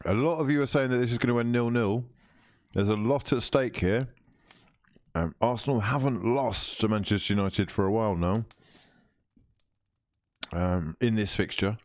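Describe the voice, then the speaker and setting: A man with a lowish voice hosts a football watch-along stream, chatting loosely and teasing his viewers as he reads their comments. The sound is close and dry, with no room around it. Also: normal speed, long pauses, a little mellow, no echo. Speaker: livestream host.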